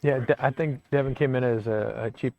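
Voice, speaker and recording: A man's voice: medium pitch, fairly quick, creaky, dry recording, narrow, tinny audio. A man hosting a casual interview who is short on sleep and in a punchy, joking mood. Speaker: host.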